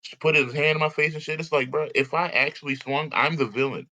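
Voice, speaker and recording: A man's voice: fairly high pitch, steady tone, quick pace, bright, forceful tone, highs cut off. A man co-hosting a podcast, telling a story in casual chat, acting out other people's lines and laughing often. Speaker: podcast co-host.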